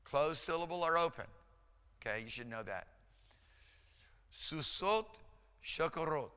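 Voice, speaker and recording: A male instructor lecturing a class, encouraging and conversational, drilling pronunciation slowly, syllable by syllable. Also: mid-range voice, animated, sharp tone, clear, resonant tone. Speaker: Hebrew instructor. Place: lecture hall. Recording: lecture hall reverb.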